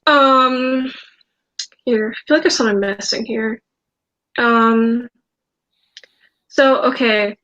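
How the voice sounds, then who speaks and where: A woman's voice: on the high side, takes it slowly, pauses often, a bit bright, highs cut off. A young woman hosting a casual livestream chat, hesitant and repeating herself while she hunts for screenshots. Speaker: livestream host.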